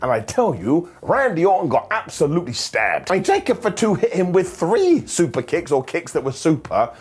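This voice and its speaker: A man's voice: on the high side, big pitch swings, moderate pace, husky. A man giving a jokey, sarcastic recap of a wrestling show, full of mock asides to the wrestlers.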